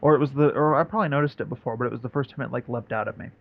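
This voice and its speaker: Fast-talking young man on a dull line. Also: medium pitch, gravelly. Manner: rambling, self-correcting. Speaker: podcast co-host. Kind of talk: casual chat.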